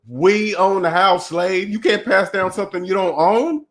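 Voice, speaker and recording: Male streamer host, high-ish voice, preachy mocking rant, tail end of a cold. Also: moderate pace, a bit bright. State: getting over a cold. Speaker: channel host. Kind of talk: livestream rant reading chat.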